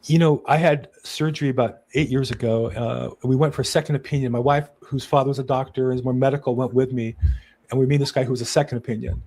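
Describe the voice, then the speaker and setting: A man's voice: mid-range voice, steady tone, quick pace, darkish tone. A man hosting a conversational interview, chatty and affirming, who laughs easily and tells stories. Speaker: interview host.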